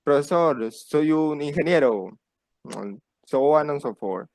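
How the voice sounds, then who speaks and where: A man's voice: on the high side, animated, measured pace, darkish tone, no room sound. A man teaching a beginner lesson, patiently repeating phrases for learners to copy. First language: Spanish. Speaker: Spanish teacher. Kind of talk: slow beginner language lesson.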